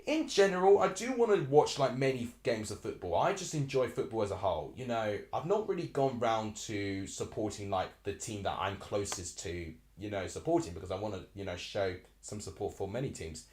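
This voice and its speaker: Lively young streamer from Essex. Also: male voice, on the low side, brisk, hardly any pauses, echoey room. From Essex, England. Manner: chatty, rambling, reacts aloud to the match. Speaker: live stream host. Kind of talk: live football watchalong commentary.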